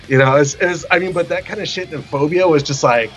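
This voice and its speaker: A man telling a rowdy tour story as a guest, swearing freely and acting out the quotes in other voices, sometimes shouting. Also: fairly high pitch, normal speed, muffled recording, soft background music. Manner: animated, profane, acts out quotes with shouts. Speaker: guest musician. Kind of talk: casual storytelling.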